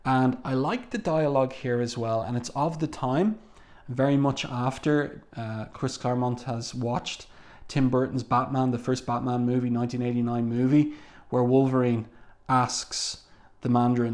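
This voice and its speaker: A man's voice: medium pitch, fairly even intonation, moderate pace, darkish tone. A man reviewing a comic book, walking through the panels in casual narration with frequent ums. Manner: walks through panels, reads dialogue aloud, frequent ums.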